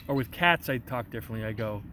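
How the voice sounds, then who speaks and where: A man's voice: medium pitch, gravelly, bright, forceful tone, a little hiss or hum. A young man livestreaming outdoors in a park, reading out chat messages in a rambling, joking, goofy way. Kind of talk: casual live vlog chat.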